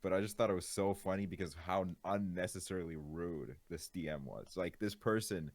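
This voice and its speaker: A young man streaming, chatting casually in a laid-back, rambling way, his voice jumping high with laughter when he is outraged. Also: normal speed, dry recording. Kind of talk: casual chat.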